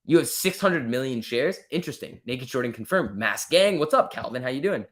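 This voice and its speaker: A man's voice: mid-range voice, animated, brisk. Male stream host, mid-range voice, casual, joking, talks straight to chat. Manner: chatty, reads viewer comments aloud and answers them; joking, lightly teasing. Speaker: livestream host.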